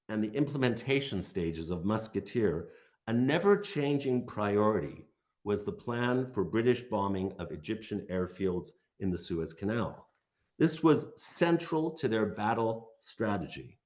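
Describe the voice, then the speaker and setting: A man's voice: lowish voice, darkish tone, lo-fi sound. A man giving a read-out history lecture as a guest speaker, dropping dry sardonic asides.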